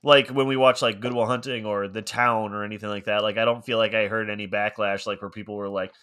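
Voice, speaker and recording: A man's voice: on the low side, little pitch movement, fast talker, fairly bright tone. A man co-hosting a podcast in casual chat, rambling along and laughing often, with many filler words. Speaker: podcast co-host.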